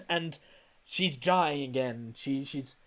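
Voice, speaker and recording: A man's voice: mid-range voice, takes it slowly, a bit bright. A man hosting a podcast, recapping a film in casual comedic chat, rambling and laughing often.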